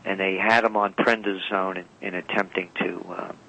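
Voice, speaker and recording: Man, radio guest, lowish voice, forceful bright tone, rambling self-correcting storytelling. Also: level tone, normal speed, gravelly, low-quality recording. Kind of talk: storytelling interview talk. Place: radio call-in or studio.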